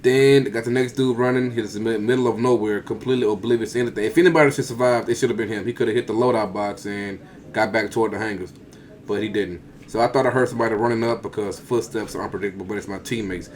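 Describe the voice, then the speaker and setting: A man's voice: fairly low pitch, steady tone, fast. A man giving a casual, rambling voice-over that talks through his own gameplay clips play by play, with slang. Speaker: gaming video creator.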